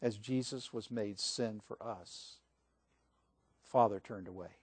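A male pastor preaching a sermon, reading scripture aloud and moving between swelling emphasis and hushed passages. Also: lowish voice, slow, breathy edge, dry recording.

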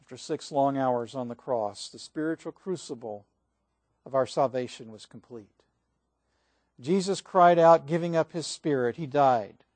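A man's voice: medium pitch, a little slow, no room sound. Preacher man with a dry close sound. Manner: reads scripture aloud with swelling and hushed emphasis. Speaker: pastor. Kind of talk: sermon.

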